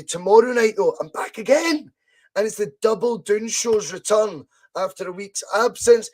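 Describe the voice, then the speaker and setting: A Scottish man hosting a relaxed live podcast, high in pitch. He talks in a chatty, loose way, laughs often and swears casually. His voice sounds a little strained. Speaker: podcast host.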